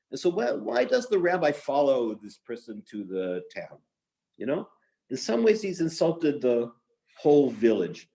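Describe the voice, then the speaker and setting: A man's voice: mid-range voice, huge pitch swings, measured pace, creaky, mellow. A man teaching a lesson on Talmud stories in a conversational way, with filler words and restarts.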